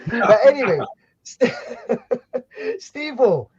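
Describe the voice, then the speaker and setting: A man's voice: very high-pitched, huge pitch swings, very slow, slightly rough, dull audio. A Scottish man hosting a podcast in a joking, laid-back chat, swearing and laughing often. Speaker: podcast host. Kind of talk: casual chat.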